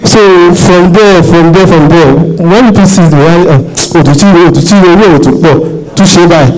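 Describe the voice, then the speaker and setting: A man's voice: high-pitched, moderate pace, darkish tone, poor audio. A man asking a long, rambling question at a seminar, repeating himself and laughing nervously. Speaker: audience member asking a question.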